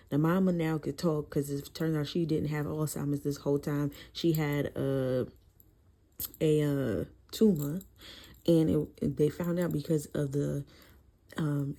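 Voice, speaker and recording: A woman casually reviewing a book series in a chatty, profane, animated way. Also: sits low, creaky.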